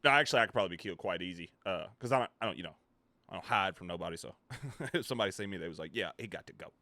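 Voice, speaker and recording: Low-voiced, bright, profane male streamer. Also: animated, racing, no echo. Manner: profane, joking and rambling. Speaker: live streamer. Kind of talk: casual live-stream chat with viewers.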